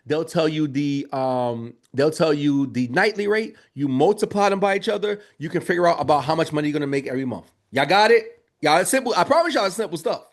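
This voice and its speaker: Male business trainer, lively and joking, fairly high voice, chatty live workshop delivery. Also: brisk, hardly any pauses. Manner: energetic, joking, addresses audience as y'all.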